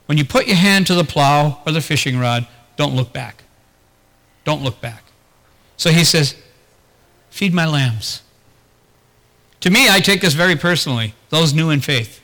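A man's voice: on the high side, expressive, a little fast, sharp tone, in a large hall. A man preaching a sermon as pastor, talking earnestly and putting rhetorical questions to the congregation.

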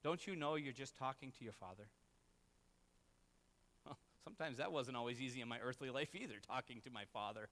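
A man's voice: medium pitch, a little fast, a bit bright, long reverb tail. A man, preaching a sermon as a pastor and telling a personal story in an earnest, self-deprecating way.

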